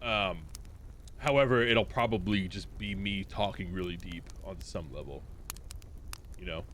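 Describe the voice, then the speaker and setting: A man's voice: low voice, unhurried, a bit bright, a little hiss or hum. A man acting as game master, chatting casually on a podcast; he argues freely, swears, and laughs often.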